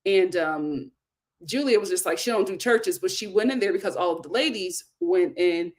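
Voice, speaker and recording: A woman's voice: lowish voice, moderate pace, a little mellow. Emphatic woman recapping reality TV. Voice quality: emphatic, exclamatory, repeats phrases for effect. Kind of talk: casual TV recap commentary.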